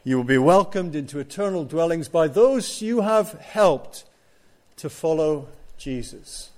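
A man's voice: a little high, expressive, a little slow, darkish tone. A man preaching a sermon, stressing his points and putting rhetorical questions to the congregation.

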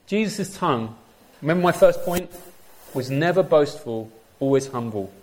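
A man's voice: on the high side, normal speed. A man preaching a sermon, often asking the congregation direct questions. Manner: lively, asks the congregation questions.

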